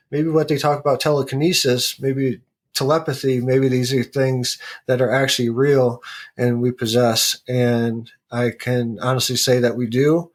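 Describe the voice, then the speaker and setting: Earnest rambling male podcast guest. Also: medium pitch. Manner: earnest, rambling, many restarts. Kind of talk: casual interview talk.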